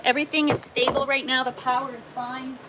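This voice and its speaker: Woman chatting on a home livestream, kinda high voice, laughs a lot, says hi to viewers by name. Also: flat delivery, fairly quick, background noise. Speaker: livestream host. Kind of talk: casual livestream chat. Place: home grow tent and kitchen.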